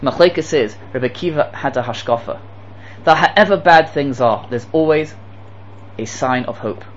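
A man's voice: medium pitch, normal speed, highs cut off, a little hiss or hum. Emphatic man giving a Torah class. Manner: emphatic, repeats key phrases, rhetorical questions to the class. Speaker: yeshiva teacher. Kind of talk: Torah lecture to students.

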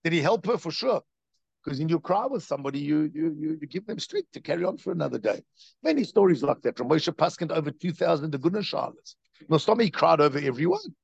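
A man's voice: a little high, sing-song, quick pace, vocal fry, husky, dry recording, dull audio. A man, a rabbi, giving a Torah lecture, telling stories with lots of repetition and rhetorical questions.

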